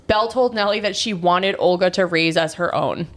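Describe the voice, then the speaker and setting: Low-voiced woman telling a crime story. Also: normal speed. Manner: chatty, wry, laughs at dark details. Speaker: podcast host. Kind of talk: casual true crime storytelling.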